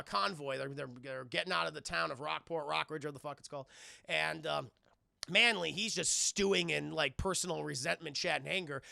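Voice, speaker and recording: A man's voice: a little high, vocal fry, no echo, studio quality. A man streaming a casual, profane scene-by-scene film recap to his live chat, acting out the scenes. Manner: animated, swearing, acting out scenes.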